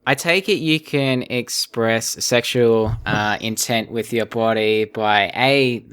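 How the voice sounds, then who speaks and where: A man in his twenties interviews a guest in a relaxed way. He asks questions haltingly, thinking aloud and circling back with fillers. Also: on the low side, clear, resonant tone. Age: 20s. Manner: curious, hesitant, thinks aloud. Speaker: interviewer and channel host.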